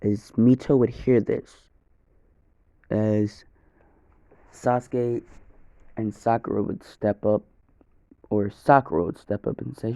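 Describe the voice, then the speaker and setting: A man's voice: on the low side, level tone, slow, gravelly, pauses often, dark tone, no room sound, muffled recording. A young man narrating an improvised first-person fan story, rambling, correcting himself and swearing casually.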